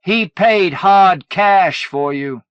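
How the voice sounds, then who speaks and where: A man's voice: medium pitch, animated, normal speed, no room sound, lo-fi sound, pitched above the performer's own voice, natural voice. A man voicing a desperate, bitter mother. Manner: pleading, then cold and cutting. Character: desperate middle-aged mother, firm and bitter.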